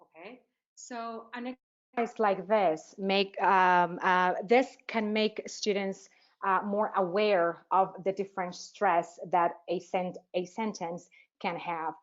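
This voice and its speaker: A woman teacher trainer presenting a webinar, asking rhetorical questions and pausing often with "uh" fillers. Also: mid-range voice, steady tone. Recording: dull, lo-fi webinar audio.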